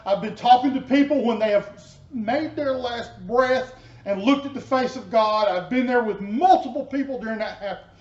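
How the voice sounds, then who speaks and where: High-voiced man preaching in an echoey room. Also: normal speed. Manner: earnest storytelling, dropping soft and low in tender moments. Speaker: pastor. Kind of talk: personal testimony sermon. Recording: echoey, dull room sound.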